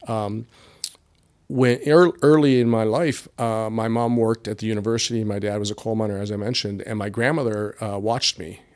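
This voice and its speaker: A middle-aged man from rural Appalachian Pennsylvania, guesting on a podcast, tells stories in a rambling, casual interview style packed with fillers and restarts. His voice is lowish and a little mellow, with a steady tone at a normal speed.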